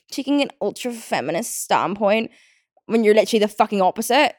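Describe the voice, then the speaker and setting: A woman's voice: mid-range voice, fairly quick, no room sound. Young British woman, podcast host, casual chat, riled-up rant, lots of fillers, swears, dry close sound. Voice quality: chatty and expressive, with frequent fillers and swearing. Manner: ranting and riled up, laughs often.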